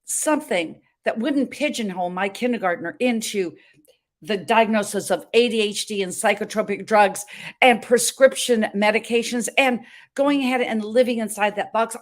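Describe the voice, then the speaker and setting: A woman in her seventies hosting a talk show, telling a story in an emphatic, dramatic way from a hotel room. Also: mid-range voice. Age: 70s. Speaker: show host.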